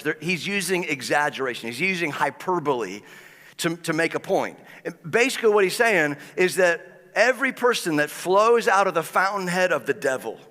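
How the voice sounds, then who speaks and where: Male pastor, conversational sermon, bright voice, reverberant church hall sound. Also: fairly high pitch. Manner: conversational preaching with quick repetitions and acted quotes.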